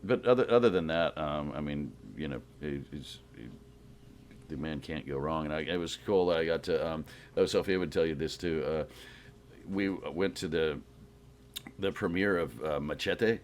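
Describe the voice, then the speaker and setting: A middle-aged man with a very low voice talks in a loose, rambling way. He tells his stories with animation, as a guest in a casual chat. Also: normal speed, a little hiss or hum. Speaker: guest actor.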